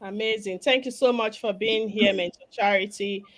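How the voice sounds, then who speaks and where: A woman's voice: mid-range voice, fairly even intonation, normal speed. A Nigerian woman hosting a live video stream, upbeat and promotional, talking through a cough. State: has a cough. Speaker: host, business mentor. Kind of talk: live stream panel chat.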